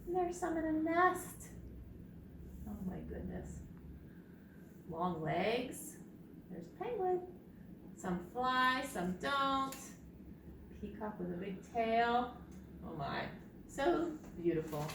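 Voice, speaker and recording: A woman's voice: on the high side, big pitch swings, takes it slowly, vocal fry, long pauses, background noise. Sing-song woman leading preschool storytime. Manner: sing-song, leads children in bird sounds and movements. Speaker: children's librarian. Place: library. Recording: echoey room, distant mic, faint ambience.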